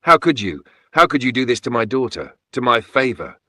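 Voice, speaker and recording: A man's voice: medium pitch, big pitch swings, brisk, bright, forceful tone, no room sound, pitched above the performer's own voice. A man doing an emotional, remorseful father. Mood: furious. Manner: emotional, pleading, angry. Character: remorseful middle-aged father, enraged then broken.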